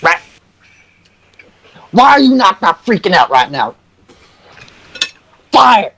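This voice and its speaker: A man voicing Hercule, an excitable, crude creature from underground who stammers and swears. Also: slow, a little hiss or hum, heavily acted. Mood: panicked. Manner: stammering, swearing, high-strung.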